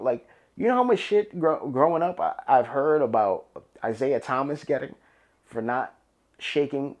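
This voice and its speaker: A young man with a New York accent hosts a solo podcast, loose, rambling, profane and emphatic, recorded on a camera and podcast mic. His voice is a little high and a little mellow.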